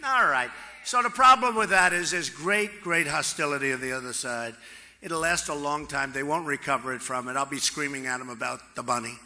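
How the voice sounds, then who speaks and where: A man's voice: fairly high pitch, brisk, sharp tone. A man in his sixties giving a campaign rally speech, boastful and repetitive, with chatty asides to the crowd. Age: 60s. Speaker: political candidate. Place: large rally venue. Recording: long reverb of a large hall.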